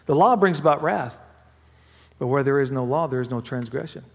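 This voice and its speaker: A man preaching a sermon as pastor, mixing humorous family stories with hushed prayer. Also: medium pitch, a little fast. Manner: dramatic swings from loud to hushed prayer; humorous storytelling with laughs. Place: church sanctuary. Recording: long hall reverb.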